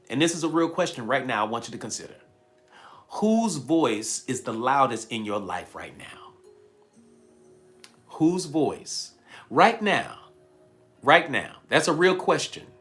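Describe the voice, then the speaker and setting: On a motivational livestream, a man with a medium-pitched, fairly bright voice coaches his audience through a handheld mic. He speaks emphatically and repeats himself, reading viewer comments aloud and naming those he thanks.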